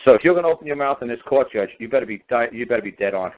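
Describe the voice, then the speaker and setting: Over a tinny phone connection, a male law guest chats casually on the radio in a mid-range, animated, rapid-fire voice. His delivery is sarcastic and emphatic, and he keeps circling back to repeat his points.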